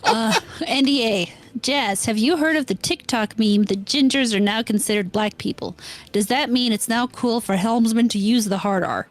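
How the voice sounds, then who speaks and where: A woman co-hosting a podcast, running polls and questions in a dry, brisk way. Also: a little high. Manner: dry, brisk, keeps things moving. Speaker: podcast co-host reading questions. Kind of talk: casual podcast chat.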